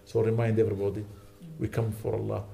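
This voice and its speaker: A male sheikh delivering a lecture to a mosque gathering, talking fast and urgently. His exhortations come with fervent emphasis, and at other times he settles into quiet prayer. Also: lowish voice, level tone, vocal fry, slight background noise. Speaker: sheikh giving a weekly lecture.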